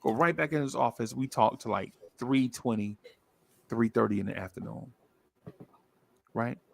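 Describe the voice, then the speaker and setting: This podcast storyteller has a mid-range voice with vocal fry at a moderate pace. He's casual and animated, doing the voices of the people in his tale and repeating lines for emphasis.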